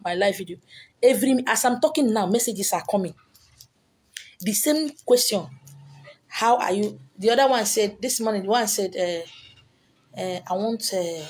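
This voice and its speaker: A woman's voice: mid-range voice, normal speed, a little mellow, slightly rough. A woman with a Nigerian accent, a spiritual teacher lecturing her viewers in a monologue, emphatic and repetitive, scolding them with rhetorical questions. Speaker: spiritual teacher selling handouts.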